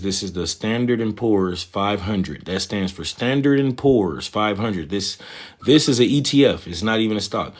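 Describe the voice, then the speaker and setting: A man with a somewhat low voice hosts a livestream, talking straight to his viewers. His delivery is loose and conversational, full of slang and repeated phrases. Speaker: livestream host, trading commentator. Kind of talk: casual livestream talk to viewers.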